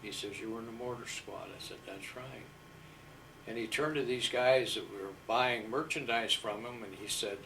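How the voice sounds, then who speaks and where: An older man from Iowa, a war veteran, unhurriedly recounting his service with fillers and pauses. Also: medium pitch, fairly bright tone, distant mic, a little hiss or hum, rough recording. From Iowa, USA. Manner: unhurried, humble storyteller with fillers. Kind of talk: storytelling interview.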